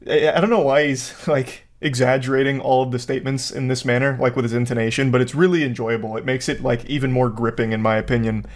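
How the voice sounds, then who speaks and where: Deadpan sarcastic male commentator. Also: medium pitch, fast talker, hardly any pauses. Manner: deadpan, sarcastic mock-serious jokes. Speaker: online commentator. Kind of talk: casual comedic commentary.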